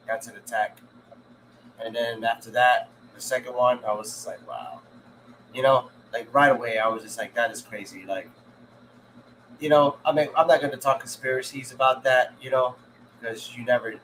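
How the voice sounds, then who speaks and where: A man spins loose, crude anecdotes in a relaxed podcast chat, full of fillers and asides. His voice sits at an ordinary middle pitch. Faint background noise hangs under the talk. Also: poor audio. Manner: rambling, crude, laughing storyteller. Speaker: podcast co-host. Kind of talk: casual chat, storytelling.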